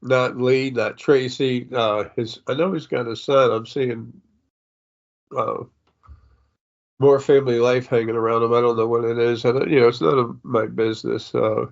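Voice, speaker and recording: An older man speaks as a psychic medium in a meandering spiritual monologue, stopping and restarting often with many fillers. He sniffles as he talks, and his voice sits at an average pitch for a man. The recording is dull and lo-fi. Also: steady tone, normal speed, vocal fry.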